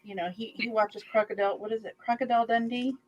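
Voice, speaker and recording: A woman in her fifties chats in a loose, rambling way, often pausing on "um". Her voice sits a little above average pitch. She sounds like a craft host catching up with a friend. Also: steady tone, dull audio. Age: 50s. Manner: rambling, with many "um" pauses. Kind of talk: casual chat on a video call.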